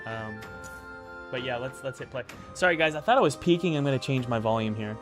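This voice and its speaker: A man's voice: mid-range voice, expressive, a little fast, over music. A man in casual livestream commentary, reviewing indie games in an upbeat, rambling way with many restarts.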